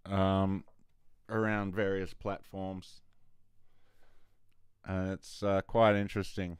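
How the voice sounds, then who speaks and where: Male podcast host, low and unhurried, clean dry close-mic sound, swears casually. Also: level tone, clear, resonant tone, no echo. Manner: laid-back, chuckling, swears freely. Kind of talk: casual commentary on video clips.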